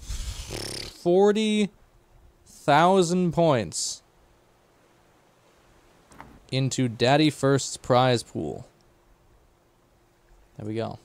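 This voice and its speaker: A man's voice: medium pitch, darkish tone, no room sound. A man streaming a game live, chatting and joking with his co-player and chat. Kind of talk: casual livestream gaming chat.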